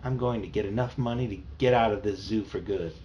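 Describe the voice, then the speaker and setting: A man's voice: lowish voice, brisk, mellow, natural voice. A man reading aloud and voicing a greedy teenage older brother who threatens and sneers. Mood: menacing. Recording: muffled home recording, faint hiss.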